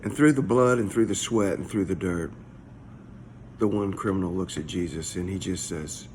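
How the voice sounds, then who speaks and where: Slight background noise sits under this low-pitched male pastor as he gives a short morning devotional at normal speed. His tone is darkish and his delivery casual and searching, with many repeated words.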